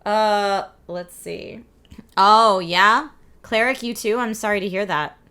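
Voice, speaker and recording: A woman in her forties with a slightly husky, scratchy voice and a lingering cough, hosting a casual live stream and reading viewer chat aloud. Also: mid-range voice, slow, sharp tone. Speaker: streamer host.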